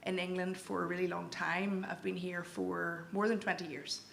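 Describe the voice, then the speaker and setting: A woman's voice: on the low side, level tone, normal speed, vocal fry, a bit bright. A woman quoting a blunt West Belfast man. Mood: weary. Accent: Northern Irish. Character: burly West Belfast man in his fifties. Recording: echoey hall with faint room noise.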